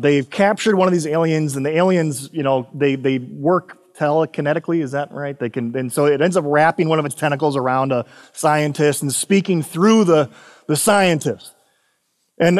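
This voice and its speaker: Male pastor, slightly higher voice, easygoing preacher who asks "right?" a lot, long hall reverb. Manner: chatty, laughing asides, frequent "right?" tag questions; slows down and lifts his voice for scripture readings. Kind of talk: casual conversational sermon.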